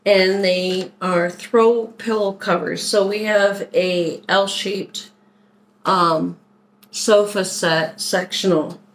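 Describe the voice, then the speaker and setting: A woman's voice: medium pitch, fairly even intonation, poor audio. A woman from Philadelphia chatting casually through a shopping haul, unpacking items as she goes. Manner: chatty, unhurried, talks while unpacking items. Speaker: vlogger doing a shopping haul. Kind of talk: casual haul video chat.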